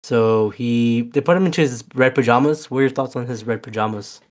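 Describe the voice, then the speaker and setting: A man's voice: medium pitch, fairly quick. A man casually recapping a movie with a co-host, rambling with many fillers and restarts. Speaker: podcast co-host. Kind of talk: casual movie rewatch chat.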